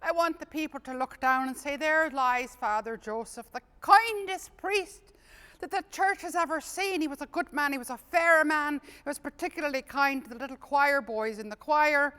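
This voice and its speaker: A woman voicing a pompous older male priest who praises himself in grand, slow, swelling phrases. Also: high-pitched, bright, forceful tone, voice pushed up. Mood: grandiose. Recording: long hall reverb, live stage.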